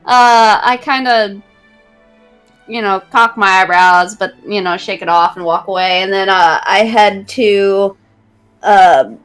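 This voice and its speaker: A woman's voice: mid-range voice, steady tone, takes it slowly, a bit bright, smooth, soft background music. A woman playing a tabletop game over a call, casual and dryly amused. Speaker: player.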